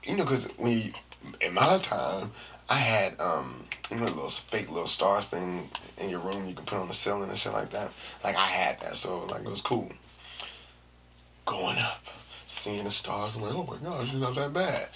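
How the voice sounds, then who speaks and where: A man's voice: lowish voice, moderate pace, vocal fry, slight background noise. A man hosting his own podcast, telling a story in a casual, slangy way and acting out the quotes. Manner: animated, slangy, acts out quotes and screams. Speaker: podcast host.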